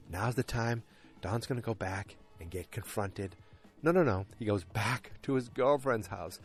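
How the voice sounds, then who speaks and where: A man hosting a podcast, casually recapping an episode in a rambling, self-deprecating way with many fillers. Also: medium pitch. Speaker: podcast host.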